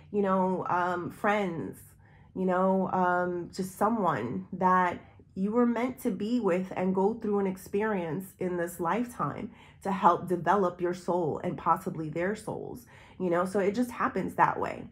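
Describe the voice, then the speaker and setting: A woman giving a tarot reading, talking straight to the viewer in a rambling, intuitive way. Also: mid-range voice. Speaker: tarot reader.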